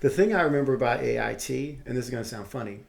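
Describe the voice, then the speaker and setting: Gravelly-voiced man telling army stories. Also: medium pitch, very fast, crowd noise. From Texas. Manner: lively storyteller who acts out his quotes. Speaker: guest, army veteran. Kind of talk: casual storytelling interview.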